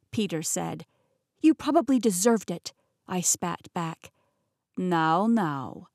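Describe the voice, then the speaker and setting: A woman narrating a fantasy audiobook in first person, clear and expressive, recorded close in a studio. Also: medium pitch, dry recording. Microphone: studio microphone, close and dry.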